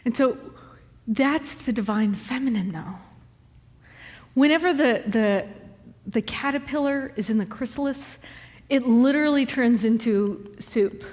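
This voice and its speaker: Woman minister, animated storyteller, high voice, long hall reverb. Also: unhurried. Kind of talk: sermon. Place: church hall.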